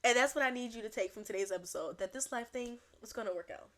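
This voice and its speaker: Animated young woman ranting on a podcast. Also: fairly high pitch, quick pace. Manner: animated, rambling, laughs often. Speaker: podcast host. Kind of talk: solo comedic podcast rant.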